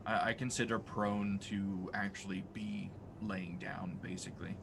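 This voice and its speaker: A man narrating as game master of a tabletop game, speaking in a relaxed, halting way with fillers. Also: sits low, creaky, noisy background. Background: music.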